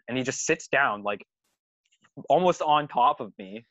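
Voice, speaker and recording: A man's voice: medium pitch, expressive, slow, long pauses, a bit bright, no room sound, muffled recording. A man in casual podcast chat, telling a tour story with lots of swearing and laughter. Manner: swears a lot, laughs through his story. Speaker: touring musician telling a story.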